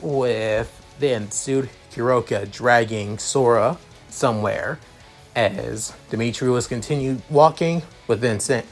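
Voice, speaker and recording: A man reading his own fan story aloud in a halting, improvised way, often restarting his sentences. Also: medium pitch. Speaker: story reader.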